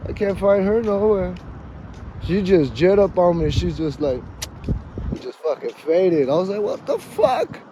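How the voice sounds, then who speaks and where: A man's voice: high-pitched, unhurried, dull audio, noisy background. A man rambling through a joking, profane monologue while out on a walk, dropping Spanish slang into his talk. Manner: joking, rambling, swears freely. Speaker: vlogger. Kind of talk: casual comic monologue. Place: outdoors on a walk.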